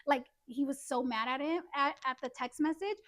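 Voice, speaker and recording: A woman's voice: high voice, normal speed. A woman co-hosting a podcast, telling a story in casual chat and acting out what people said. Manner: animated, acts out quotes. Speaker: podcast co-host.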